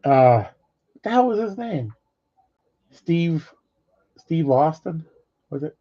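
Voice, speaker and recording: A man's voice: fairly high pitch, big pitch swings, slow. A middle-aged man casually rambling through old stories, swearing freely and laughing between them. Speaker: vlogger. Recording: dull lo-fi audio.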